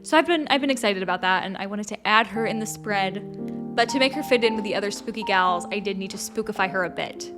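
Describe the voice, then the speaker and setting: A woman's voice: mid-range voice, quick pace, over music. A young woman hosting an art channel, chatting casually and bubbly with lots of likes and little laughs. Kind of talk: casual chat with sponsor read.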